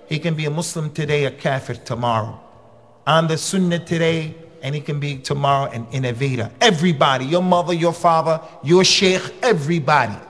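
A male preacher lecturing his congregation in a blunt, conversational way. His voice sits a little high for a man, and it leaps upward whenever he stresses a point. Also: fairly bright tone. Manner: emphatic, with sudden rises in pitch. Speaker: preacher and khatib.

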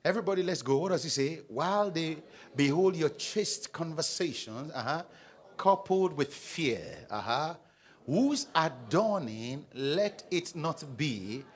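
A man's voice: fairly high pitch, lively intonation, a little slow, breathy edge. A man preaching a sermon in church, reading scripture and asking his congregation to answer back. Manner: call-and-response preaching, asks the congregation questions. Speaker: pastor.

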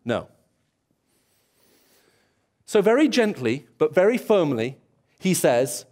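Man, preacher, sermon, church, high-pitched, storytelling, playful delivery. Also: sing-song, takes it slowly, pauses often, a little mellow. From England. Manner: storytelling, acts out dialogue and voices.

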